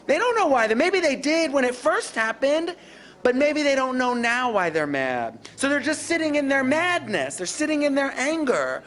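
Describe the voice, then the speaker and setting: Animated woman teaching caregivers. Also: high voice, normal speed. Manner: animated, acts out calm reassuring caregiver lines. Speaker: dementia care educator. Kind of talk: live workshop talk.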